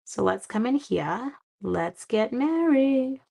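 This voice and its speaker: A woman's voice: fairly high pitch, lively intonation, slow, gravelly, mellow. Chatty woman demonstrating crafts live. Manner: chatty, self-mocking, talks to herself while working. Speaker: card-making demonstrator; seventh-grade teacher. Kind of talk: casual live-stream craft demo.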